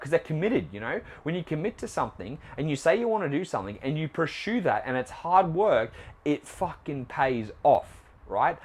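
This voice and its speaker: A man's voice: on the high side, darkish tone, breathy edge. A young man hosting a fitness podcast, talking in a casual motivational monologue, blunt and full of swearing and rhetorical questions. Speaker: podcast host and trainer.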